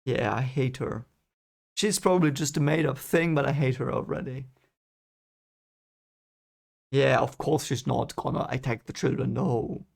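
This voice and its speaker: A man from Germany with a gravelly, creaky voice, reacting to a book as he reads it. He talks in an emotional, rambling way, swearing and then apologizing. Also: medium pitch, steady tone, moderate pace, long pauses, darkish tone. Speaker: channel host reading a book aloud. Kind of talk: first-time reading reaction.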